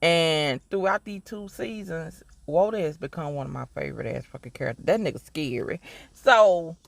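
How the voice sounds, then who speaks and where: A man with a Mississippi Southern accent talks through a TV episode in a loose, cussing, emphatic ramble. His voice sits high for a man. The sound is close and dry, with no room around it. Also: gravelly, fairly bright tone, no room sound. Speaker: TV show reviewer. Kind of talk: casual review monologue.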